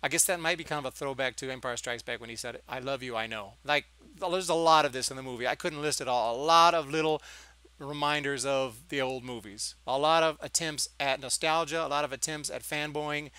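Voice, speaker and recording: A man's voice: mid-range voice, a little fast, pushed and bright, smooth, dry recording. A man giving a casual, sarcastic movie review, exasperated and acting out lines of dialogue. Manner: sarcastic, exasperated, acts out quotes.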